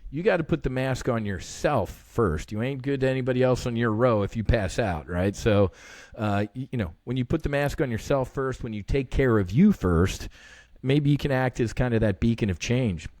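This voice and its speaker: A man's voice: mid-range voice, animated, moderate pace, darkish tone, no echo. A middle-aged man guest talking earnestly in a casual interview, swearing freely and acting out conversations.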